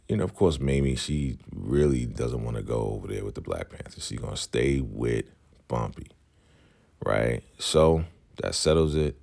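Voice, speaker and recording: A man casually recapping a TV episode, retelling the scenes with animated quotes of the characters. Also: very deep voice, vocal fry. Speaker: show recap host.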